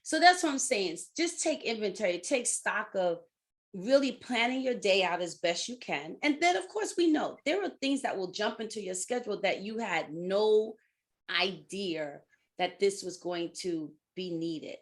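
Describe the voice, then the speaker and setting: A woman's voice: medium pitch, lively intonation, a little slow. A middle-aged woman hosting a coaching talk, casually giving advice, acting out inner voices and laughing often. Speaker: life coach and podcast host.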